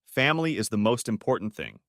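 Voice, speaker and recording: A man's voice: on the low side, sing-song, brisk, a bit bright, no room sound, studio quality. A man voicing a smug adult man who talks in a casual, offhand way.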